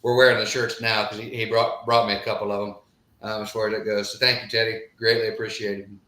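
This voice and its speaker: A man's voice: fairly low pitch, level tone, quick pace, sharp tone, reverberant. A middle-aged man co-hosting a live show, chatting casually and reading viewer comments, with a drawling manner and lots of filler phrases. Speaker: podcast co-host. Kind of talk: casual live-stream chat.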